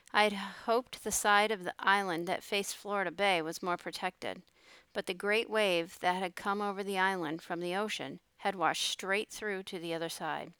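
A woman narrating an audiobook in a steady, measured reading, recorded on a close mic. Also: mid-range voice, smooth, dry recording.

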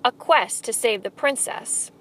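A woman voicing a small, timid male mouse on a quest in a storybook reading, earnest and halting. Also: fairly high pitch, a bit bright. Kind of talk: storybook read-aloud.

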